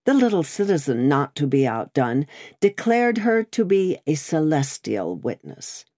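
A woman narrating an audiobook with a very low, dark voice that moves lively across her range. She reads slowly and expressively. The recording is dry and close. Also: no echo.

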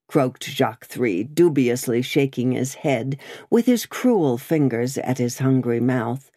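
A woman narrating an audiobook with a very low, dark voice that moves lively across her range. She reads slowly and expressively. The recording is dry and close. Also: no room sound.

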